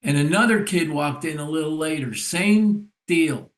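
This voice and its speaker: An older man, a therapist and recovery mentor, telling a story in a relaxed podcast conversation. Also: a little high. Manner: unhurried, reflective storyteller. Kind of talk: casual storytelling in a podcast discussion.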